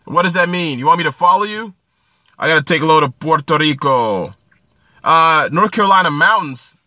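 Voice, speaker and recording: A man from New Jersey chats on a phone livestream in a somewhat high, very bright and sharp voice. He is upbeat and greets viewers one by one by name. Then he slips into coaching them. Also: animated, moderate pace, no room sound. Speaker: livestream host. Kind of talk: casual livestream chat.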